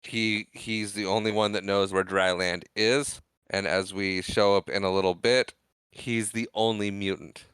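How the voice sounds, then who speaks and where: Smooth-voiced man chiming in on a podcast. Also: lowish voice, fairly even intonation, a little slow, fairly bright tone, no echo. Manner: short, dry interjections and questions. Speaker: podcast co-host. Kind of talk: casual podcast chat.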